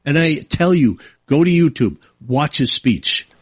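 A man's voice: a little high, expressive, measured pace, slightly rough, no echo. A man hosting a talk show, delivering a combative, sarcastic political monologue. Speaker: radio talk show host.

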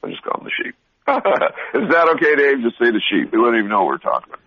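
A man's voice: medium pitch, wildly swooping pitch, fast, breathy edge, lo-fi sound. A man speaking bluntly on a radio talk show, telling stories animatedly and laughing often between restarts. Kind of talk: casual motivational radio talk.

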